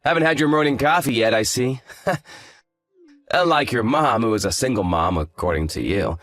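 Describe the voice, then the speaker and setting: A man's voice: medium pitch, lively intonation, normal speed, fairly bright tone, dry recording, faint music behind, natural voice. A man voicing an arrogant, hungover young fiancé who talks in a lazy, condescending, sarcastic way. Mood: smug. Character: arrogant hungover male fiancé, dismissive and smug. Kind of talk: scripted story drama.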